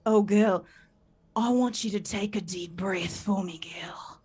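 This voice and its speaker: A woman's voice: measured pace, a little mellow. A woman putting on a whispering Australian ASMR seducer. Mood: seductive. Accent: Australian, put on. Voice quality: low breathy whisper. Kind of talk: whispered role-play.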